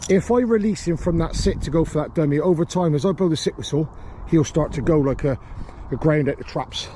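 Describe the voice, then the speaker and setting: A calm man teaches dog training out on a small grass field, his voice a touch higher than most men's but mellow in tone. Faint outdoor noise hums behind him, and he explains each step in a steady, matter-of-fact way. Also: fairly quick. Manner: calm explaining, with sharp shouted commands to a dog.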